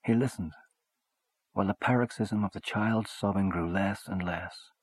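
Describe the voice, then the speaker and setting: Husky man narrating a short story. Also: lowish voice. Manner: measured, expressive storytelling.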